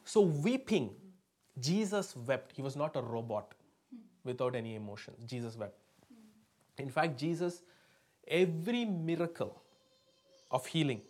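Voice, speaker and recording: Emphatic preaching man, slightly high voice. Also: darkish tone. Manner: emphatic, often asks the congregation for replies. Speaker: pastor. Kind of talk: sermon to a live congregation.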